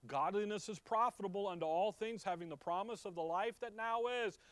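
A man preaching a verse-by-verse sermon, his voice sitting a bit high for a man. He keeps asking the listeners questions and checking they are with him. The recording is dry with almost no room sound. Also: a little fast, a bit bright, no room sound. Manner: rising to emphatic peaks, dropping low for asides; asks the audience questions and checks they follow. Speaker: pastor. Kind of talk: Bible teaching sermon.

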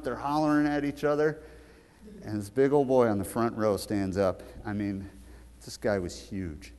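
Emphatic male preacher in echoing hall. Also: medium pitch. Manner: emphatic, storytelling, rising to loud peaks. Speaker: pastor. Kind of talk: sermon. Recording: long hall reverb.

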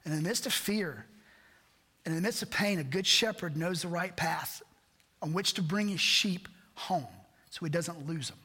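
A man's voice: a little high, moderate pace, bright, forceful tone, breathy edge. A man pastor preaching a sermon, earnest and repetitive, asking rhetorical questions. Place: church sanctuary. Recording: church hall reverb.

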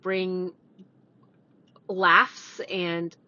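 A woman's voice: on the low side, level tone, extremely slow, sharp tone. A woman co-hosting a podcast from inside a parked car, upbeat, agreeable and casual. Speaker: podcast co-host, salon owner. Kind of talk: casual chat. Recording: dull lo-fi sound.

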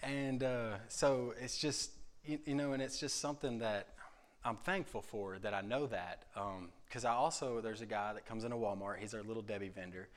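A young man gives a casual spoken devotion in a fairly low voice. He talks haltingly, full of ums and restarts, and slips into quick acted-out exchanges with people he works with. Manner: halting, lots of ums and repeated words; acts out conversations with coworkers. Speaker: church speaker giving a devotion.

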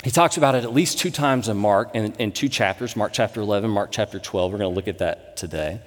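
A man in his thirties, a pastor, giving a sermon with conversational, animated storytelling. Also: lowish voice, quick pace. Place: church sanctuary. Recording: long reverb in a church hall.

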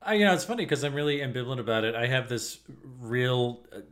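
A man's voice: medium pitch, animated, quick pace, a bit bright. A man co-hosting a podcast in casual chat, talking in long, digressive stretches full of restarts. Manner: rambling, digressive with many restarts. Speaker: podcast co-host.

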